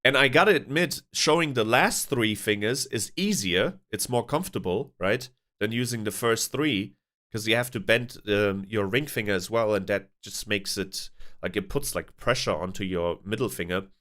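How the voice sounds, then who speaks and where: A man's voice: lowish voice, moderate pace, sharp tone. A man hosting a casual stream chat, rambling with restarts and frequent chuckles. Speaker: streamer host.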